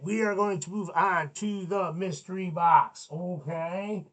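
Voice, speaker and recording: Hosting a children's learning show, this man speaks at a moderate pace in a high voice. As host and teacher, he leads songs, tells jokes, and trades playful banter with his puppets.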